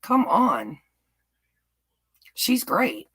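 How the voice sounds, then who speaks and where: Woman streamer, light Southern US lilt, raspy with vocal fry, gushes and laughs a lot. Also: a little high, sing-song, extremely slow, fairly bright tone, low-quality recording. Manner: chatty, gushing, laughs often. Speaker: YouTube live-stream host. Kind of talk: casual live-stream chat answering viewers. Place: home in Texas.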